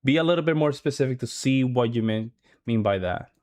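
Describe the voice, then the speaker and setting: A man's voice: mid-range voice, lively intonation, brisk, darkish tone, no echo. A man hosting a reaction video, chatting casually and asking for specifics. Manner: casual, questioning, asks for specifics. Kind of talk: reaction commentary.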